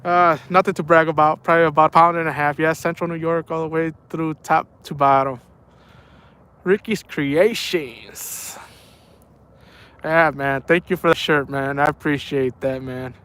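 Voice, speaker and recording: A man's voice: on the high side, fairly even intonation, normal speed, fairly bright tone, clean tone. A young man chatting casually on a night fishing live stream, playful and laughing often while reading chat aloud. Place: outdoors at night by the water.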